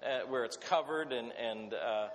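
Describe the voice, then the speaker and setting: A middle-aged man preaching a sermon, telling a personal story in an animated way. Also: mid-range voice, a little slow. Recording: long hall reverb.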